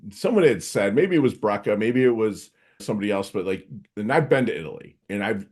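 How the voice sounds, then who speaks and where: A man's voice: on the low side, animated, fairly quick, a little mellow. An American man hosting a podcast in casual interview chat, talking loosely and rambling with slang. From United States. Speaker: podcast host.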